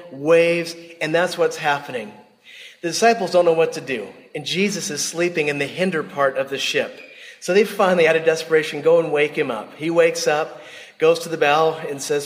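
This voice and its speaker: A man giving a sermon to a live audience, telling stories in a lively, chatty way, often laughing and speaking straight to his listeners. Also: fairly high pitch, long reverb tail. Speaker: devotional speaker.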